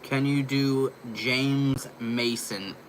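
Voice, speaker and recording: Young man, livestream host, casual rambling, fillers, average pitch, noisy background. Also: fairly even intonation, very slow. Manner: rambling, loose, lots of fillers and profanity.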